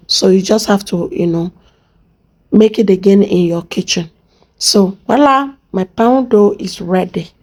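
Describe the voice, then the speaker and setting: Nigerian woman, cooking vlog host, playful chatty delivery, warm mellow tone. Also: medium pitch. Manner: playful, chatty, talks to viewers and her pot.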